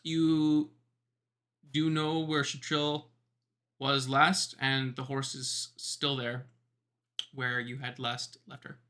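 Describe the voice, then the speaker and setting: A man narrating as game master of a tabletop game, halting and pausing with many ums. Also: medium pitch, flat delivery, bright, forceful tone. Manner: hesitant, many ums and pauses.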